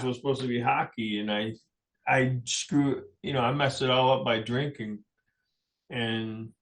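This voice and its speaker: A middle-aged man, a musician guest in a radio studio, tells personal stories in a rambling, anecdotal way with frequent chuckles. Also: mid-range voice. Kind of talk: personal storytelling in a radio interview.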